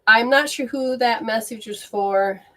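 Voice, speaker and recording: A woman's voice: on the high side, unhurried, sharp tone. A woman hosting a live stream as a spiritual reader, talking casually and bluntly with viewers, swearing and exclaiming as she goes. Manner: blunt and exclamatory, swearing, reacting aloud to sensations.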